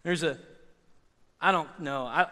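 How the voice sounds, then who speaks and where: A man preaching a sermon, animated and conversational, repeating phrases and swinging from loud emphasis to hushed asides. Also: a little high, slow pace. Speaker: pastor. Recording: long hall reverb.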